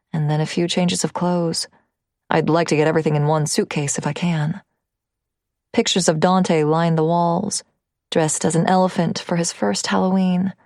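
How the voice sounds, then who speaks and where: A woman narrating a first-person story in a measured, quietly tense way. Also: fairly low pitch, no room sound, clean studio sound. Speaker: audiobook narrator.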